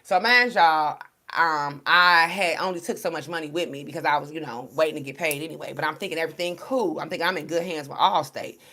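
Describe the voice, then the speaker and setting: A woman who reads tarot cards, talking straight to her followers in a blunt, profane, slang-heavy and animated monologue. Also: low-pitched, a little fast. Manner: storytelling, addressing followers as y'all. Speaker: tarot card reader. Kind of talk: casual direct-to-camera monologue.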